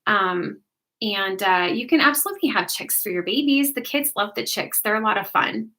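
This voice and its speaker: A woman's voice: mid-range voice, lively intonation, moderate pace, bright, forceful tone. A woman hosting a casual livestream, chatting easily and laughing often as she reads out and answers viewers' comments. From United States. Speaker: livestream host.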